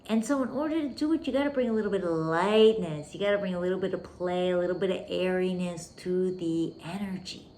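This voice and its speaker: Fairly low-pitched and a little mellow, this podcast host talks fairly quickly with few pauses over a faint hiss or hum. Her relationship coaching monologue is intimate and emphatic; she calls the listener "baby" and whispers for emphasis.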